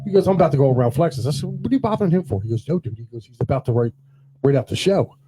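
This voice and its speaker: A man's voice: medium pitch, lively intonation, fast talker, music in the background, poor audio. A man hosting a casual podcast, telling rambling stories and acting out what others said. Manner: rambling anecdotal storytelling, quotes others in dialogue. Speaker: podcast host.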